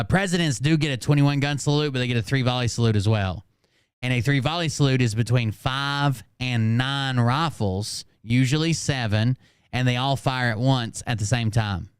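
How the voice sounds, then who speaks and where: Sarcastic Southern man, smooth, dry voice. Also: medium pitch, dry recording. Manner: sarcastic, profane, mocking. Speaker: host. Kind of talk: casual commentary.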